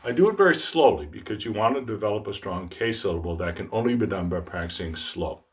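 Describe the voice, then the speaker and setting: A middle-aged man teaching trombone tonguing in a relaxed, self-deprecating way, speaking out the articulation syllables as he explains them. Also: fairly low pitch, quick pace. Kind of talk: instructional demonstration.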